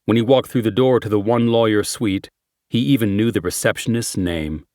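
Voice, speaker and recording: A man narrating a crime thriller audiobook in a measured, steady reading. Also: on the low side, dry recording, studio quality. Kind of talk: scripted narration.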